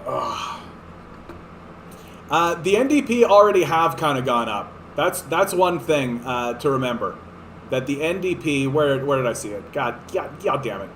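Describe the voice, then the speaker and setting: A man's voice: fairly high pitch, expressive, moderate pace, a bit bright, slight background noise. A man giving a sarcastic, profane, exasperated rant of political commentary. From Canada.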